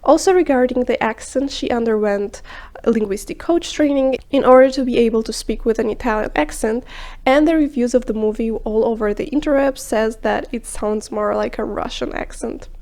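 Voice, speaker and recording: Woman, high-ish voice, scripted review narration, measured and explanatory, with the odd hushed aside. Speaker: film review vlogger.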